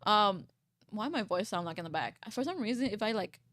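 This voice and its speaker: A woman in her twenties, a VTuber, chatting casually and reading posts aloud on stream, rambling and swearing, with a froggy, croaky low voice. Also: expressive, fairly quick, a bit bright, no echo. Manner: rambling, swears, laughs often.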